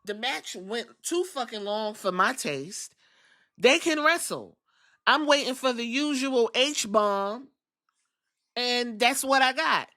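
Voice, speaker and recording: A woman's voice: a little high, animated, slow pace, sharp tone. Sassy, blunt woman recapping wrestling. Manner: blunt, profane, sassy asides. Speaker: podcast host.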